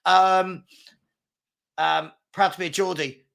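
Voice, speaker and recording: A man's voice: sits high, fairly even intonation, slow pace, creaky, fairly bright tone. A man from England co-hosting a live football stream, commenting on the match and chatting casually, rambling with lots of fillers and restarts.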